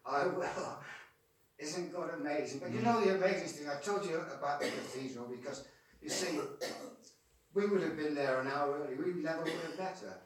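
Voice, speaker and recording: A man's voice: fairly high pitch, brisk, a little hiss or hum. A man, a Christian street evangelist, tells a testimony story and often repeats words as he goes. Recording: echoey room from far off.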